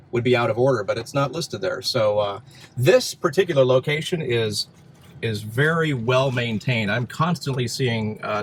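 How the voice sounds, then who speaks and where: A chatty, upbeat middle-aged man talks through a casual road-trip vlog, often pausing on fillers. His voice sits at a middling pitch. Faint outdoor and road noise hums behind him. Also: rough recording. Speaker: vlog host. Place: in and around a car at a charging station.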